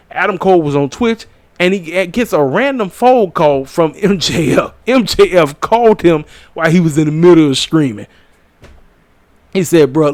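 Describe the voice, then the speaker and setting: A man runs through a wrestling review in a loose, preachy talking style, leaning on his favorite catchphrases. His voice sits a little high for a man. The room is dry and close. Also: no room sound. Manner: animated and preachy, repeats catchphrases. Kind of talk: casual commentary. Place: small room at home.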